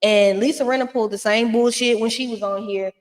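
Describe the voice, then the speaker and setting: A woman's voice: on the high side, fairly even intonation, brisk, long reverb tail. A woman giving a casual, blunt and profane recap of a reality show, talking with plenty of sass.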